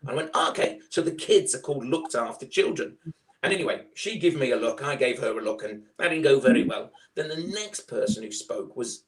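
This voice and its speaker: A middle-aged man with a Liverpool accent telling his fostering story in a loud, chatty, animated way. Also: medium pitch, brisk, slight background noise. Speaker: foster carer guest. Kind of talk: casual storytelling.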